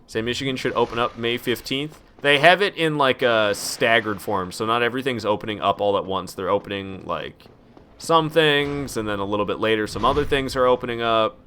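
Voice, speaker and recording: A man's voice: medium pitch, a little fast, pushed and bright, a little hiss or hum. A young man streaming a video game at home, rambling casually and reading chat messages aloud.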